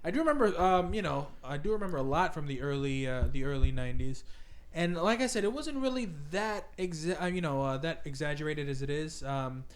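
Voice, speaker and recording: Man from new york, podcast co-host, fairly high voice, halting, restarts sentences. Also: lively intonation, clean tone. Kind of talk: casual movie-review chat.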